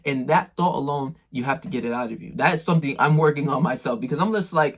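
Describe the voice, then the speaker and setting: A man's voice: on the high side, fast, hardly any pauses. A man talking straight to the viewer in a casual motivational monologue, full of slang and swearing. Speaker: self-improvement video maker.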